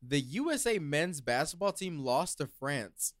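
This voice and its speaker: A man's voice: a little high, sing-song, unhurried, dry recording, studio quality. A man co-hosting a casual podcast, teasing and cutting in with emphatic remarks. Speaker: podcast co-host. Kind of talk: casual chat.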